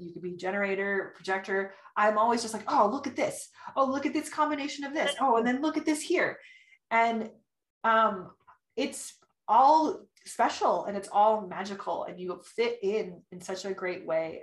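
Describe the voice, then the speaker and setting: Chatty, animated woman guest on a casual podcast; mid-pitched, roomy echoey sound. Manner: animated and chatty, often acting out quotes and laughing. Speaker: human design reader, podcast guest. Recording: roomy echo.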